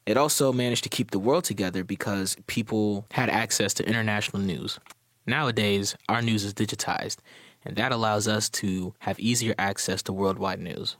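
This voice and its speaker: A man's voice: lowish voice, steady tone, moderate pace, a bit bright, dry recording, studio quality. A man presenting a prepared, confident commentary for a media program and signing off. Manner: confident, with scripted sign-off.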